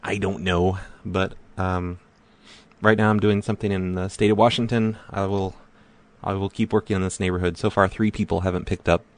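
A man hosting a prank call live stream, chatting casually and rambling with halting fillers and self-deprecating remarks. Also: low-pitched, level tone, noisy background.

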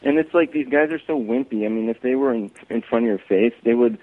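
A man's voice: mid-range voice, fast. A man co-hosting a talk radio show, aggressive, profane and insulting toward a caller. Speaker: radio co-host. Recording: narrow phone-like radio sound.

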